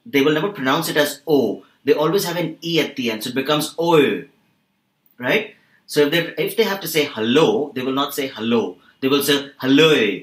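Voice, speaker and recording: A man talks listeners through tips in a measured, instructive way, stretching out the words he wants to stress. His voice sits at an ordinary middle pitch. The room around him rings with noticeable echo. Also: fairly bright tone. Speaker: English teacher on podcast. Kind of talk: explanatory podcast chat.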